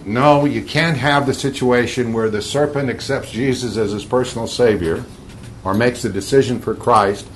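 A man's voice: on the low side, a little hiss or hum. A man giving informal Bible teaching to a group, emphatic, repeating key words and bantering with his listeners.

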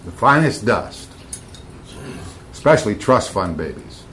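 A man's voice: fairly low pitch, big pitch swings, measured pace, a bit bright, slight background noise. Emphatic man teaching scripture. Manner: emphatic, repeats key words, bantering with listeners. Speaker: Bible teacher. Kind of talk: informal Bible teaching to a group.

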